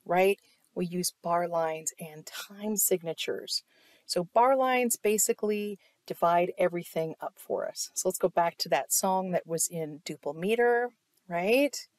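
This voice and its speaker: A woman with a slightly low voice teaches music theory to an online class. She speaks slowly and patiently, stopping often to ask "right?", in a dry, close recording. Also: a little mellow, no room sound. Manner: explanatory, asks "right?" often, claps to demonstrate.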